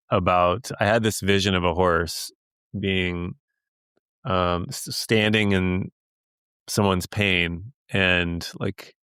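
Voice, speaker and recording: Gravelly low-voiced man hosting a podcast. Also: fairly bright tone, no echo, clean studio sound. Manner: hesitant, gets emotional, laughs often. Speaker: podcast host. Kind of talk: casual interview.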